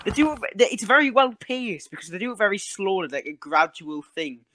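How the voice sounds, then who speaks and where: A man's voice: sits high, big pitch swings, a little fast, sharp tone, no echo. A Geordie man chatting casually on a podcast, laughing often and swearing freely. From England. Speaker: podcast host. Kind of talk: casual chat.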